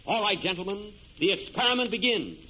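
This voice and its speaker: A man in a 1930s radio comedy sketch, pleading and shouting into a telephone receiver with growing exasperation, heard on a muffled old broadcast. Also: high voice, animated, brisk. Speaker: comedian playing the inventor in a sketch.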